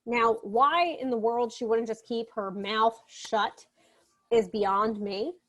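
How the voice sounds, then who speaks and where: A fairly high-voiced woman teaches literature in a loose, conversational lecture, paraphrasing the story in her own words. She adds sarcastic asides and the odd swear word. Now and then she breaks off to tell a child nearby to wait. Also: fairly even intonation, takes it slowly, a bit bright. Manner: chatty and irreverent, with sarcastic asides and mild swearing. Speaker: literature instructor. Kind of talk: casual recorded lecture retelling a short story.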